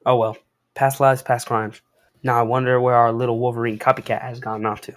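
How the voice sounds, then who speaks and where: A man voicing the gray Hulk, a huge brute with calm, punning lines, read aloud from a comic. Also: mid-range voice, fairly quick, natural voice. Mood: brooding. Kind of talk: reading comic dialogue aloud.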